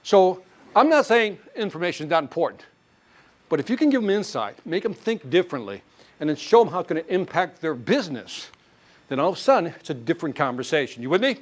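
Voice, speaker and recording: A male sales trainer with a lively, fairly high-pitched voice teaches a live sales seminar full of audience questions. He's animated and quizzes the crowd with quick questions.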